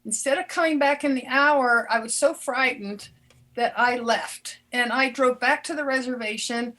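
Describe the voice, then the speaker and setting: High-voiced older woman telling a story. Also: bright, forceful tone. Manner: earnest, halting, restarts often, quick short laughs. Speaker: author and former doctor telling her story. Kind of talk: conversational storytelling interview.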